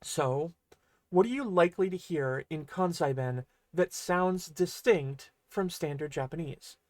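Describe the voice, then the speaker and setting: A man giving a casual online language lesson, explaining in a chatty way and jumping up in pitch on example words. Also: unhurried, darkish tone, no echo. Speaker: language teacher.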